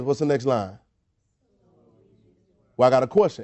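A man's voice: mid-range voice, fast talker, long pauses, mellow. A man preaching a sermon, emphatic and repetitive, asking rhetorical questions and often restarting his words. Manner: frequent word repetitions and restarts.

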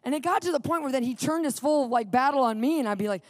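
A middle-aged woman preaching and telling a lively personal story, acting out the people in it. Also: high voice, fast, no room sound, clean studio sound. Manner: animated storytelling, acting out quotes.

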